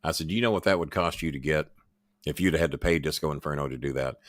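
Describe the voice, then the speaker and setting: Speaking fast in an extremely low voice, a man hosts his own podcast and rambles through casual stories, boasting, swearing and restarting with stammers. The studio-quality recording has no room sound.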